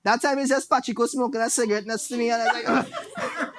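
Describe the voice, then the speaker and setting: With a crowd audible behind him, a Trinidadian-accented man performs stand-up in a very high-pitched, fast voice, telling lively stories and mimicking his relatives.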